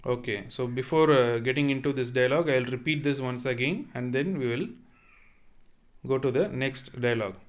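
A man teaching a French lesson, reading sentences and then translating and repeating them patiently. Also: mid-range voice. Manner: slow and deliberate, repeats and explains each line. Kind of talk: online language lesson.

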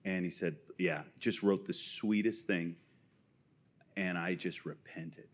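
Low-voiced man chiming in earnestly. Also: fairly even intonation, slow pace. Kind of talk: casual chat.

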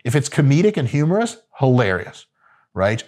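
A man's voice: mid-range voice, very animated, normal speed, a little mellow. A man giving casual, profane, joking coaching talk about gym training. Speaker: fitness coach.

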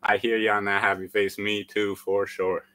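A fitness instructor leads a live-streamed workout in a fairly low, level voice at normal speed, sounding pushed and bright. Out of breath from exercising, he calls out countdowns and encouragement and chats with plenty of fillers. The recording is rough.

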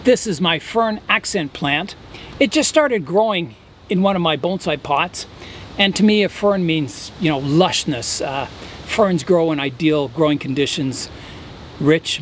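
A man casually explaining his bonsai work as he goes, relaxed and thinking aloud with a few fillers. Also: a little high, a little hiss or hum. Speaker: bonsai hobbyist vlogger. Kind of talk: casual how-to narration.

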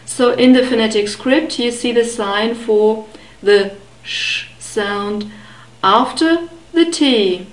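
A woman teaching a beginner language lesson, carefully modeling sounds and repeating words slowly. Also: fairly high pitch, echoey room, poor audio. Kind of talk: slow, deliberate pronunciation lesson.

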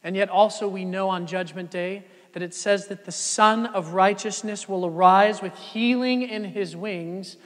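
A man preaching a sermon as pastor, swinging from loud emphatic peaks down to soft, low passages. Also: measured pace, few pauses, big-room sound. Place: church sanctuary.

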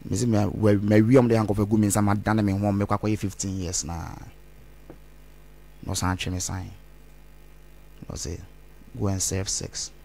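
A man's voice: lowish voice, flat delivery, moderate pace, gravelly, long pauses, darkish tone, a little hiss or hum. A man, rambling as an interview guest and mixing Twi phrases into his English. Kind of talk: candid interview talk.

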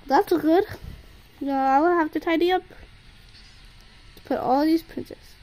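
A woman's voice: very high voice, a little slow, pauses often, a little mellow, rough recording. A woman narrating playful pretend play with toys, talking in a sing-song way to a toy baby.

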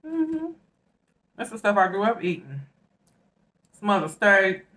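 A mukbang host from the Southern United States speaks slowly in a mid-range voice with a Southern accent. Laid-back and chatty, she talks between bites and frequently uses "y'all."

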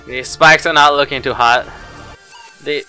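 A man commentating a let's play of custom game levels, muttering to himself and breaking into loud, swearing outbursts of frustration. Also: medium pitch, steady tone, a little slow, clear, resonant tone, soft background music.

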